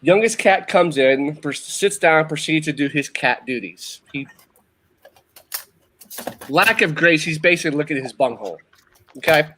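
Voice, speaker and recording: Man, casual chat, storyteller, bright tense voice, faint noise. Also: on the high side, normal speed, pauses often, low-quality recording. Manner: animated storyteller, repeats himself for effect.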